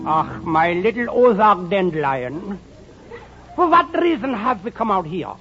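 A man's voice: high-pitched, big pitch swings, measured pace, over music. An actor playing a flustered, giggly comic man mistaken for a Nazi inspector, in a 1940s film comedy. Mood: smooth. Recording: dull old film soundtrack with clear hiss.

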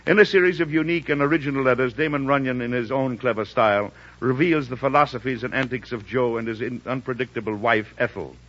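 A man's voice: medium pitch, fast, a bit bright, muffled recording. A male radio announcer with a formal, polished delivery, introducing a 1940s sponsored broadcast.

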